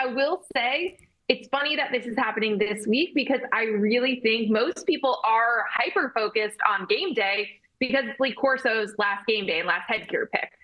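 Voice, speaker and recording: A woman sports reporter appearing as a guest, giving energetic analysis with frequent fillers. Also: a little high, dull audio. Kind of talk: sports talk interview.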